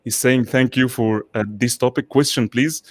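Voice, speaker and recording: A man hosts a live online session and reads out audience questions. He sounds enthusiastic, stumbling through fillers and repeated words. His voice sits at a middle pitch and sounds dry, with no room echo. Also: fairly even intonation, normal speed. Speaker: host. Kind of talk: live online talk show hosting.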